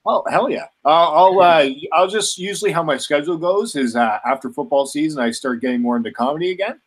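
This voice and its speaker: A man hosting a casual sports podcast, relaxed and a bit hesitant, laughing easily. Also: on the high side, fast talker. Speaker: podcast host.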